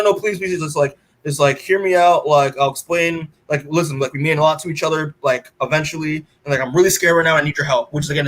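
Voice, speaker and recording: A man's voice: on the high side, a bit bright. A man co-hosting a podcast, recapping a comic issue in a rambling, casual way and acting out the characters' lines, with many fillers. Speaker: podcast co-host.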